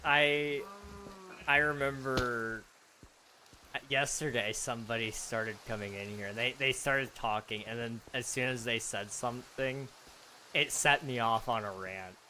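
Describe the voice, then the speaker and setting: A man's voice: medium pitch, sharp tone, a little hiss or hum, poor audio. Rambling, laughing man streamer. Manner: rambling, self-deprecating, laughs often. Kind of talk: casual live stream chat.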